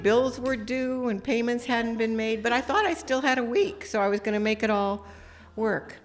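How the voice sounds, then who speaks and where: A middle-aged woman preaching in a relaxed, conversational way. She tells a personal story and acts out the dialogue as she goes. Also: a little high, normal speed. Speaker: speaker.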